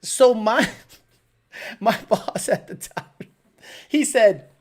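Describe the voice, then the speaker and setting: A woman's voice: a little high, drawn-out words, pauses often. A woman hosting a live show, telling stories in a casual, profane, laughing way. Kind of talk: casual storytelling.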